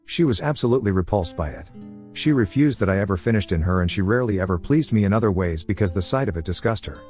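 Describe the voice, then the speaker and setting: A man reading an online story aloud in a casual first-person way, over soft guitar music. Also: on the low side, lively intonation, fast talker. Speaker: story narrator. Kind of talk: reading a reddit post aloud.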